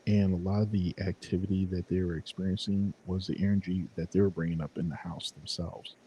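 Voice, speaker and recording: A man in casual chat, rambling in a relaxed way about his paranormal investigations, with casual swearing. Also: sits low, fairly quick, a little hiss or hum, rough recording.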